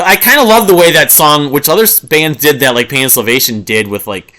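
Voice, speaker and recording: A man in his forties talks through his favorite albums in a loose, rambling monologue, trailing off into fillers and restarts. His voice is bright and forward, and he often breaks into humming a riff to make a point. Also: a little high, fairly quick. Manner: hums and sings riffs to illustrate. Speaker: music reviewer. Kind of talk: casual album review monologue.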